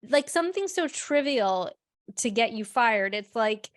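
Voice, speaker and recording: A woman's voice: medium pitch, no echo, studio quality. A woman co-hosting a podcast, recapping a TV episode bluntly in casual chat and swearing freely. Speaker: podcast co-host.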